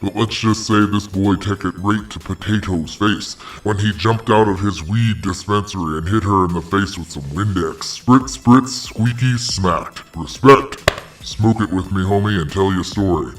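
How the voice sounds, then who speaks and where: A man's voice: fairly low pitch, measured pace, distant mic, a little hiss or hum. A man hosting a parody hotline, talking in slangy, mock-preachy street lingo. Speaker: host.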